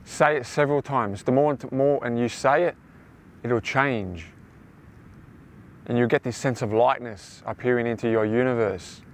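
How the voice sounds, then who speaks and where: A man's voice: medium pitch, moderate pace, a little hiss or hum. A young man hosting a motivational self-help talk, rambling and repeating himself as he addresses listeners as his friends. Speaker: host.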